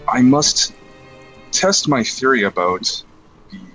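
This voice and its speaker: A man voicing a secretive male seer who speaks in a formal, measured way. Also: mid-range voice, very animated, a bit bright, faint music behind, poor audio. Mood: earnest, measured. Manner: formal, measured, archaic phrasing.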